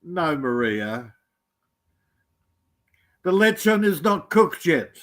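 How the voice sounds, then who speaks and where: Australian man, high-pitched, easygoing storyteller with a teasing edge. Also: very animated, takes it slowly, a bit bright. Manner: rambling, teasing anecdotes. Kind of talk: casual storytelling chat.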